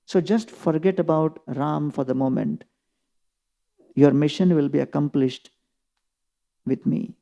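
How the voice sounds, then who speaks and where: A man's voice: a little high, steady tone, measured pace, gravelly, long pauses, dark tone. A man voicing a proud elderly male king who insistently offers himself in place of his son. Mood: boastful. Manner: boastful, insistent.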